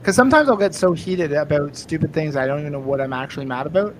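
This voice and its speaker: A man chatting casually with a friend, earnest and affectionate, quick to poke fun at himself. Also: fairly high pitch, animated, slight background noise, low-quality recording. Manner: earnest and affectionate, self-deprecating. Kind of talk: casual chat between friends.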